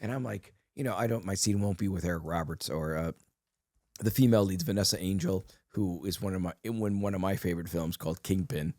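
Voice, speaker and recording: Rambling low-voiced man. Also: darkish tone, no echo, studio quality. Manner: rambling, halting storyteller. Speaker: co-host. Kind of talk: casual chat.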